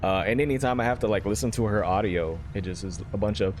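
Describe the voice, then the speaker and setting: A man streams a video game, rambling casually and joking with his viewers as he plays. He talks at a quick pace in a lowish voice, with slight background noise.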